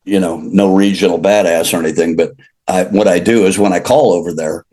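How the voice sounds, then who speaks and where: A man's voice: low voice, fairly even intonation, a little fast, mellow. Older joking storyteller man. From Illinois, USA. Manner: rambling, jokey, laughs at his own stories. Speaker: interview guest, country recording artist. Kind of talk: casual storytelling chat.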